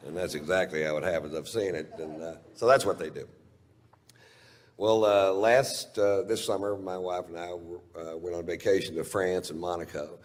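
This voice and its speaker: A man's voice: deep voice, steady tone, moderate pace. A male stand-up comedian telling a rambling, profane story on stage, speaking in a laid-back way into a handheld mic. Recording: reverberant hall, faint noise.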